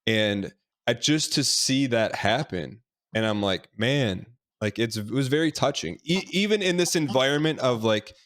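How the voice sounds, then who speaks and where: A man's voice: medium pitch, lively intonation, moderate pace, fairly bright tone. A man hosting a podcast, chatting casually and asking probing questions. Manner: conversational, asks probing questions. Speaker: podcast host.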